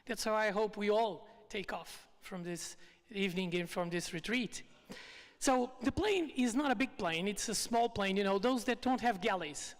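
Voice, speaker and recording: A speaker telling a story at a live retreat evening, in lively, phrasing. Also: mid-range voice, normal speed. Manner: lively, non-native phrasing. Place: event hall. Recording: long reverb from a live hall.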